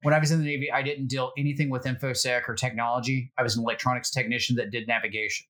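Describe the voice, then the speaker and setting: A middle-aged man telling security anecdotes in a relaxed, self-deprecating way, with plenty of fillers. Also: medium pitch, racing. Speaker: security guest. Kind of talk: casual storytelling.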